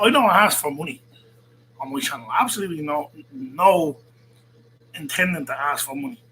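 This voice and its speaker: Hosting his own YouTube channel, a man gives a mocking, casual commentary, laughing and swearing freely. His voice is bright and a bit high, and the poor audio carries faint background noise.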